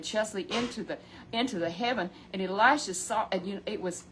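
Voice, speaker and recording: A woman telling a Bible story in a folksy, animated way, often exclaiming and addressing a companion by name. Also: mid-range voice, a little fast, background noise.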